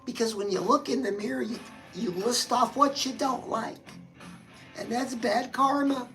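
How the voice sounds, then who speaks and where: A woman's voice: fairly high pitch, unhurried, a bit bright, faint music behind, poor audio. A woman hosting a chatty motivational livestream, talking straight to her viewers and calling them girl. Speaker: livestream host.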